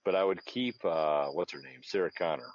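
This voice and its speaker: A man with a very deep, low voice co-hosting a casual podcast. He talks in a laid-back, wry way and swears casually. His mic sounds a little dull, with a faint hiss underneath. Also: fairly quick. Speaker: podcast co-host.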